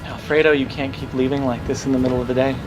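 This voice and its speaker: A man's voice: medium pitch, level tone, fast talker, music in the background. A man in a mockumentary comedy scene, speaking earnestly and a little flustered. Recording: very echoey room, mic far off.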